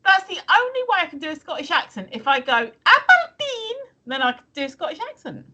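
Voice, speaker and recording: A woman co-hosting a live stream, with a high voice that swoops lively up and down. Her tone is bright and sharp. She chats casually, teasing and swearing freely. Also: fast talker. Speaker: stream co-host.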